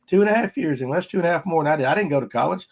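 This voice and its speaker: A man's voice: fairly high pitch, expressive, racing. Folksy man hosting a podcast. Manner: folksy, rambling, upbeat. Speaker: podcast host. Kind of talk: casual fishing podcast chat.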